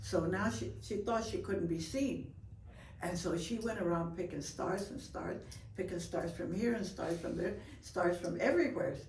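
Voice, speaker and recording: An older woman telling a folk story in a lively, expressive way, with gasps for effect. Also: fairly low pitch, moderate pace, a little hiss or hum. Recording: roomy, from far off.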